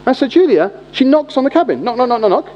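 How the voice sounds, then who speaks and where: A middle-aged man with a British accent telling a story in a sermon, animated and chatty. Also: very high voice, fast talker. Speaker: preacher. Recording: long reverb, dull lo-fi sound.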